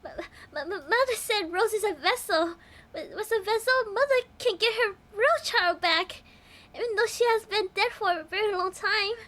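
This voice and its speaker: A woman's voice: extremely high pitch, moderate pace, fairly bright tone. Woman doing a stammering shy nerdy guy. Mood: anxious. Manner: stammering, anxious. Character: shy, nervous nerdy young man, insecure.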